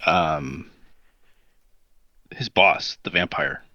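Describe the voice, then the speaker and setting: A man playing a tabletop game, speaking hesitantly with many pauses. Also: deep voice, sharp tone, no room sound, dull audio. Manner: hesitant, full of ums. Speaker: player. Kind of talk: casual tabletop play.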